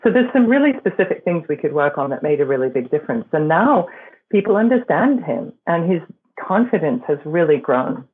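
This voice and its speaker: A woman's voice: low-pitched, sing-song, fairly quick, husky. A woman voice and performance coach, a guest in an interview, explaining her work in a reflective way with examples. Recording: phone-like remote line.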